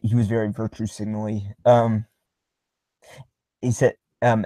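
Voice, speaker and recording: A young man hosting a casual livestream, reading viewer comments aloud in a halting way with many filler ums and small chuckles. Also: on the low side, level tone, dark tone, no room sound, poor audio.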